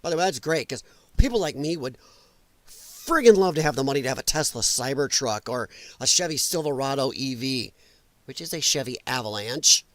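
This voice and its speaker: A man's voice: mid-range voice, animated, fairly quick, no echo. A man hosting a political podcast, delivering an angry, profane rant full of mocking voices. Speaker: podcast host.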